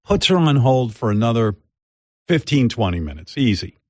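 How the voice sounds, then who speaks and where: A man's voice: mid-range voice, moderate pace, no echo. An older man, a radio host, telling a long rambling story in casual chat on a studio mic. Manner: rambling, animated, mimics others' voices in quotes. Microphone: studio microphone.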